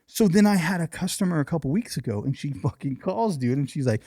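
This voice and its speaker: A man's voice: fairly high pitch, animated, fast talker, mellow, dry recording, studio quality. A man hosting a podcast, chatting casually, swearing a lot and acting out his stories. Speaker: podcast host. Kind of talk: casual chat.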